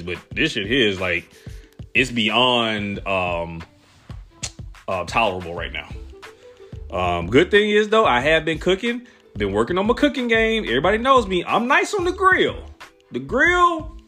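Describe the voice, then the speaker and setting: A man, ranting casually with lots of profanity and animated storytelling. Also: on the low side, moderate pace, faint music behind. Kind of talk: casual rant.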